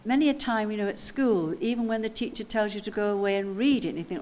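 A woman's voice: mid-range voice, fast, hardly any pauses, a little mellow, slight background noise. A woman preaching a sermon, reflective and explanatory, stressing key words through repetition. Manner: reflective, explains word meanings with emphatic repetition.

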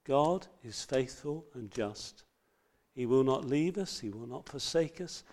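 A man preaching a sermon, earnest and reading scripture with loud emphasis. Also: medium pitch, animated, measured pace.

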